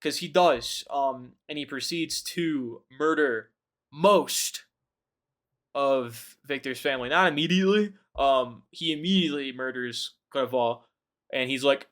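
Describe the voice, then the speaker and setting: A man talking casually with friends, mid-pitched and easygoing, who retells a book in a profane, joking way. He keeps breaking into loud, mocking voices for the characters. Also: unhurried. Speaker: podcast host. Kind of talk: casual chat.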